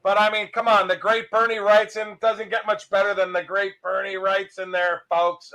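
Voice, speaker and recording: A man pitching art for sale in an enthusiastic, hyping way. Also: little pitch movement, moderate pace, hardly any pauses, sharp tone. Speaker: art dealer. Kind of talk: live sales pitch.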